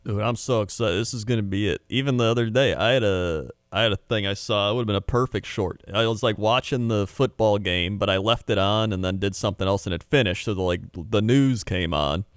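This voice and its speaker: A man's voice: fairly low pitch, fairly quick, hardly any pauses, no room sound, studio quality. A man, a content creator, chatting casually in a laid-back, jokey way. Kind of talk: casual chat.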